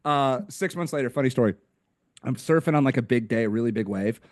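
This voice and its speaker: A young American man, a podcast guest, telling stories in a slangy, energetic, casual way. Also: mid-range voice, fast, no echo, studio quality. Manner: energetic, slangy storyteller, says "dude" a lot. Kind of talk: casual interview chat.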